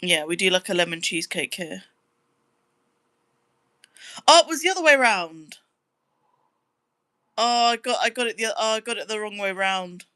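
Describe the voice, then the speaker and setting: A woman's voice: lively intonation, normal speed, long pauses, pushed and bright, no room sound. A young British woman chatting casually on a livestream, reading out viewer comments in an upbeat way. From Britain. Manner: chatty, upbeat, squeals high when surprised. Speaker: livestreamer and musician.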